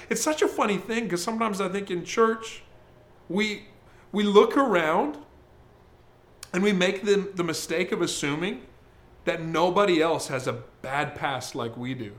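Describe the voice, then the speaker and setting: A man preaching a sermon as pastor, in a conversational, emphatic way, slowing to read scripture. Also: high-pitched, a bit bright. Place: church service, streamed.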